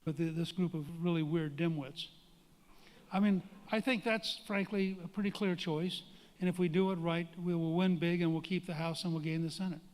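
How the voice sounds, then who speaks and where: A man's voice: a little high, steady tone, normal speed, a little mellow. An older man giving a speech to an audience and telling a story in a folksy, emphatic way. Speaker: guest speaker. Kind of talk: public speech with anecdote. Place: large hall. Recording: reverberant hall.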